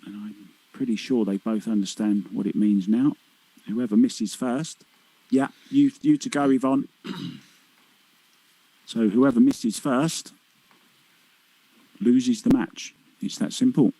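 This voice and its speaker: A man commentates on pool with a husky, mellow voice. He is chatty and teasing, quick to joke with his co-host. The sound is close and dry. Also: mid-range voice, steady tone, dry recording, rough recording. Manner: chatty, teasing, laughs easily. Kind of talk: live sports commentary.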